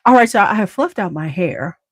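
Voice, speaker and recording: A woman's voice: mid-range voice, lively intonation, a little fast, no room sound. A woman hosting a casual beauty livestream, chatting to her viewers and a bit congested. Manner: chatty, addresses viewers as y'all.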